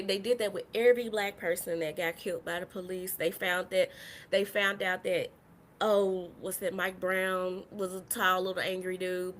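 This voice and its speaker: A woman's voice: fairly low pitch, slight background noise. Impassioned woman ranting on a live stream. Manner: impassioned, profane, swings from soft to shouting. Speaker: podcast host.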